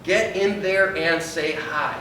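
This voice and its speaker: A man who is a pastor, giving an animated conference talk and acting out little dialogues. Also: a little high, takes it slowly, a little hiss or hum. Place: large conference hall. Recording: echoey hall from far off.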